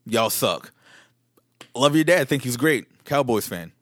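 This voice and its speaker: A man's voice: mid-range voice, lively intonation, slow pace, fairly bright tone, dry recording. A man co-hosts a casual podcast, talking in an easy, joking way and swearing now and then. His voice sits mid-range, recorded dry with no room sound. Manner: laid-back, profane, joking. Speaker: podcast co-host.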